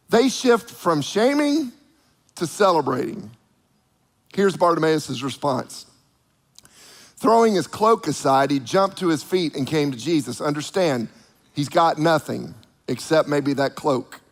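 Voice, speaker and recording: A man preaching a sermon in an animated way, acting out the voices of the people he quotes. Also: high voice, a little slow, big-room sound.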